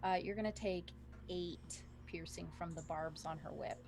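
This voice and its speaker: Lady dm narrating, kinda low voice, faint hiss behind. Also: normal speed, a little mellow. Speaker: dungeon master. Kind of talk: narrating a tabletop game.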